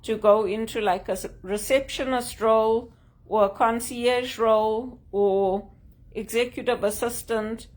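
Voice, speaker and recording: A woman's voice: on the high side, steady tone, unhurried, a little mellow. A woman speaking casually to camera in an earnest way, thinking aloud with fillers as she goes. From Canada. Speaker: job seeker vlogger.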